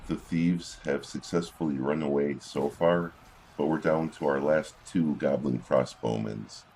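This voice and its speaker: Very deep husky-voiced man. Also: measured pace, darkish tone. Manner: reads in-game combat logs aloud with wry asides. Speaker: video game commentator. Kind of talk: casual gameplay commentary.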